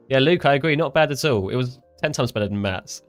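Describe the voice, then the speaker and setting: A man with an English accent chatting casually on a live stream, rambling and quick to laugh. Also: mid-range voice, lively intonation, faint music behind. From England. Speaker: fellow trader and streamer.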